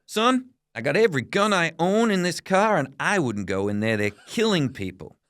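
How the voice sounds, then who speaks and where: A man's voice: fairly high pitch, sing-song, moderate pace, fairly bright tone, pitched above the performer's own voice. An Australian man imitating a stern, armed American male police officer in a raised voice. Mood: grave warning.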